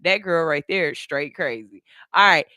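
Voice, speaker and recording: Bright, crisp-voiced radio host man. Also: on the high side, moderate pace, dry recording, studio quality. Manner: animated, repeats himself for emphasis. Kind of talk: casual commentary on clips.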